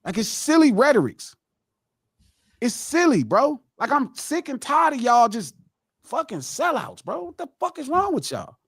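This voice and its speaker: A man's voice: very high-pitched, very animated, moderate pace, a bit bright, husky, no room sound, studio quality. A middle-aged man hosting a live podcast, lecturing in a heated, profane, impassioned rant. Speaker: podcast host.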